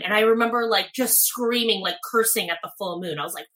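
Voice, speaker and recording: A young woman chatting casually as a guest, telling a long personal story in an animated way, full of fillers and acted-out quotes, with the odd swear word. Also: medium pitch, a little fast, few pauses. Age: young adult. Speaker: podcast guest telling her birth story.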